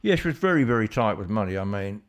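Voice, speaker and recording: A man's voice: on the low side, very animated, fast talker. A man co-hosting a podcast, casual and sweary, telling stories with laughs. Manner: sweary, storytelling, laughs often. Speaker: podcast co-host. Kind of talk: casual chat.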